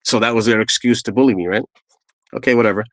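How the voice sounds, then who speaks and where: A middle-aged man from Canada, a guest telling his own story in a blunt, lively way and acting out what others said. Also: quick pace, dry recording, rough recording. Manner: re-enacts quoted people with raised pitch, blunt and profane. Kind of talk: animated personal storytelling.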